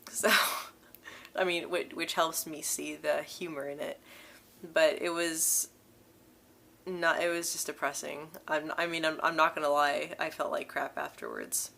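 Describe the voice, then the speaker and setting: A woman's voice: low-pitched, animated, measured pace, gravelly, fairly bright tone. A young woman vlogger telling a story casually to camera, speaking with a marked stutter of repeated syllables and blocks, candid and breaking into small laughs between phrases.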